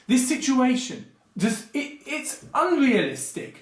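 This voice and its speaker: A man hosting a film commentary video, talking casually and going off on digressive, animated rants with lots of asides. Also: high-pitched, a little slow, reverberant.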